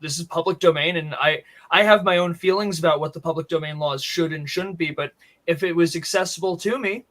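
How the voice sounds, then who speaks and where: A man with a very high, bright voice, chatting casually as a guest on a live-streamed radio show. He rambles, doubles back and repeats words before landing his point. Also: a little fast. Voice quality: very high vocal register. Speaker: musician guest.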